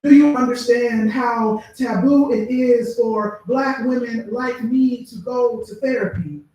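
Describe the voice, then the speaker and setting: A woman poet reads her spoken-word verse in a measured, deliberate way, pausing between lines. She is heard from a distance, and her voice rings around a very echoey room at a live bookstore event. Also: fairly high pitch, fairly even intonation, dark tone. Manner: measured, deliberate delivery with pauses. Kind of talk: spoken-word poetry reading.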